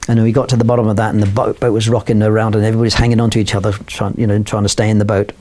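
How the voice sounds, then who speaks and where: An older London photographer, appearing as a guest, tells a long anecdote full of rambling fillers and restarts. His voice is on the low side, warm and level in tone, and very fast.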